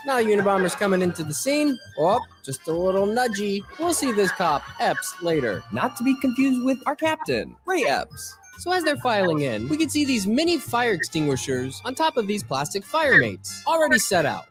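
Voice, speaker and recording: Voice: medium pitch, sing-song, normal speed, few pauses, music in the background. A narrator giving sarcastic voice-over commentary on footage, with mocking asides.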